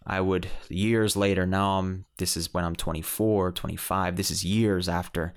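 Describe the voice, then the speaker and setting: Guy on a podcast telling a story, low smooth voice, rambly with lots of restarts. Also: fairly even intonation, normal speed. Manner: rambling, many restarts and fillers. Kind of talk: casual spoken storytelling.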